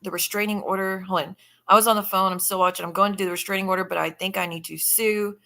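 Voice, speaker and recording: Bright, blunt woman livestreaming. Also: medium pitch, steady tone, fast talker. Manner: blunt and profane, chatting with viewers while scrolling. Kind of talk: casual live-stream commentary.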